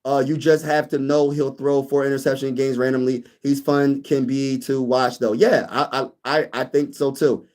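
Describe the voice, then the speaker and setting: A young man hosting a casual sports live stream, reading viewer comments and bantering back with lively energy. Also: medium pitch, normal speed, few pauses. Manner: animated, reads chat comments aloud and banters. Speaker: sports YouTube host.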